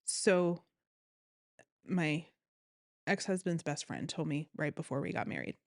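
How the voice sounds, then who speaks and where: A woman telling her own story as an interview guest, earnest and animated, often quoting what others said. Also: low voice, measured pace, gravelly, no room sound, studio quality. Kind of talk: personal story in conversation.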